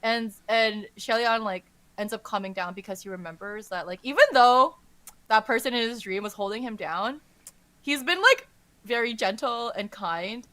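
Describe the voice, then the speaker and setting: Bright-voiced woman podcaster. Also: on the high side, normal speed, no echo. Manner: rambling and animated, says "like" constantly. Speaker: podcast host. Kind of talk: casual chat retelling a novel's plot.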